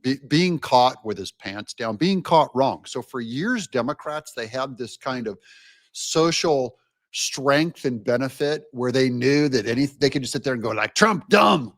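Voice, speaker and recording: A man's voice: medium pitch, unhurried, dry recording, clean studio sound. A man hosting a commentary show, talking in a sarcastic, rambling, mocking way. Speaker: show host. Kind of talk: political commentary.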